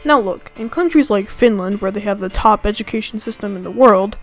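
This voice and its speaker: On her own channel, a young woman from the US who is a student delivers a comedic rant packed with sarcastic, overblown gripes. She speaks a little fast at a medium pitch, over soft background music, and the recording is rough.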